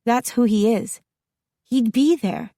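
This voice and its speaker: A woman narrator voicing an upset, defiant teenage girl who pleads in a raised, higher voice. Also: slow pace, warm tone, no room sound, clean studio sound. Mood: pleading.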